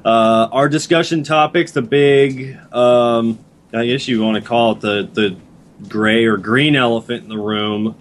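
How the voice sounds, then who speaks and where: A man's voice: mid-range voice, fairly even intonation, a little slow. A man co-hosting a podcast, introducing the topics in a matter-of-fact, wry way. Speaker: podcast co-host. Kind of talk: casual podcast chat.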